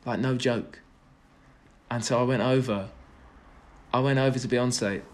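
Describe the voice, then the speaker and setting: A man's voice: mid-range voice, fairly even intonation, unhurried. A young man, a podcast guest, telling stories in a rambling, self-deprecating way with lots of restarts. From Britain. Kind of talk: casual chat.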